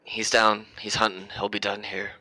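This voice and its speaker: A man's voice: fairly low pitch, flat delivery, normal speed, bright, forceful tone, no echo, low-quality recording. A man voicing a curt, hardworking male dwarf blacksmith who grunts and speaks in short clipped sentences. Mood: gruff.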